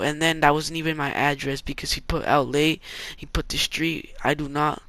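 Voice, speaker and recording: A man's voice: a little high, steady tone, moderate pace, hardly any pauses, pushed and bright, no echo. A young man from California telling a rambling story about an online threat, loose and full of fillers and slang. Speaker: gaming vlogger. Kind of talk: casual story-time vlog.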